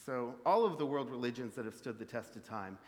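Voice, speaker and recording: A man's voice: medium pitch, lively intonation, fairly quick. A man from the prairies preaching a sermon in an easy, reflective, conversational way with many fillers. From Canadian prairies. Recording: reverberant hall.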